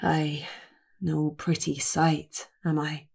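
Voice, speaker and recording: Woman reading a gruff ogre, Scottish burr, slow and gravelly. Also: flat delivery, a little mellow, full character voice. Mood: wry. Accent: light Scottish burr. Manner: slow, low-key, often half-whispered. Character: huge gruff male ogre, diffident, dry humour. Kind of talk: audiobook character voice.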